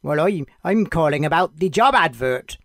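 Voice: medium pitch, expressive, normal speed, a bit bright, dry recording, studio quality. A storyteller voicing Isaac, a nervous young man who hesitates and stumbles as he asks about a job. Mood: hesitant.

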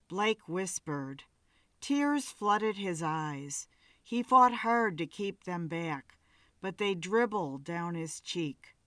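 A woman narrating a story in a measured, dramatic reading. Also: on the low side, expressive, fairly bright tone, no room sound.

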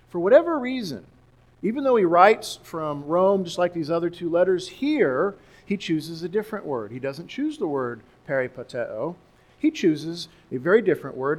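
A man's voice: high-pitched, a little mellow. A man with a somewhat raised voice preaches a teaching sermon. He walks his church through scripture, explains Greek word meanings and repeats key words for emphasis. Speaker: pastor.

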